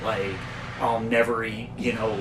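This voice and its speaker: A man's voice: fairly low pitch, little pitch movement, unhurried, reverberant, recorded from a distance, noisy background. A man hosting a podcast, chatting crudely and swearing constantly, with bursts of silly voices. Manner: swears constantly, jumps into silly put-on voices while telling stories. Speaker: podcast host. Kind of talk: crude casual chat.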